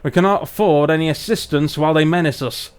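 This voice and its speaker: A man voicing a proud, gruff male dwarf leader from the frozen north, in a put-on northern British accent and a formal, stern manner. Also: on the high side, fast, natural voice.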